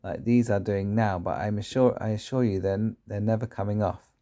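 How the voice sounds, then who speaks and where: A man's voice: fairly low pitch, fairly even intonation, normal speed, natural voice. A man voicing a tyrannical, bullying headmistress who barks and snaps at children, read from a storybook. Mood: domineering. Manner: shouting, barking, snapping.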